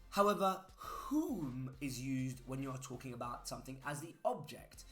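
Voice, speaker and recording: Lively man teaching grammar. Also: mid-range voice, moderate pace, soft background music. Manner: chatty, spells words out letter by letter. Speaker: English teacher. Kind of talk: grammar lesson.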